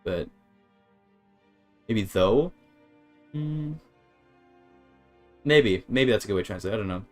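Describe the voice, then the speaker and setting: A man's voice: on the low side, expressive, slow, pauses often, soft background music. Hesitant man thinking aloud on stream. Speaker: streamer learning a language. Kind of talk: casual game-stream commentary.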